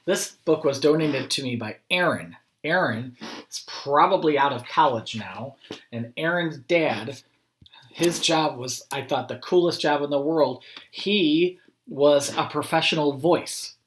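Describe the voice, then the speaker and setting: A man, a school principal, reading a picture book aloud to children and chatting gently in asides. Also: fairly high pitch, unhurried, slight background noise. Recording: roomy echo.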